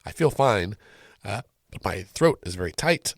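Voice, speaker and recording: A man's voice: fairly low pitch, very animated, measured pace, gravelly, dry recording, studio quality. A male podcast host with a nasal, congested voice from a sinus cold, talking through the week's news in a casual, wry way with frequent ums. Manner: conversational, wry, sprinkled with ums. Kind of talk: casual solo commentary.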